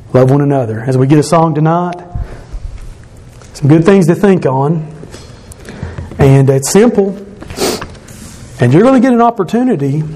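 Man preaching a candid evening sermon. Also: on the high side. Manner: candid, self-deprecating, animated preaching with sighs. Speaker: pastor. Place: church sanctuary.

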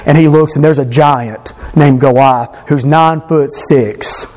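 High-voiced, emphatic male preacher. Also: fairly even intonation, unhurried, a little mellow. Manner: emphatic, repetitive, storytelling. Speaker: pastor. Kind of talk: sermon.

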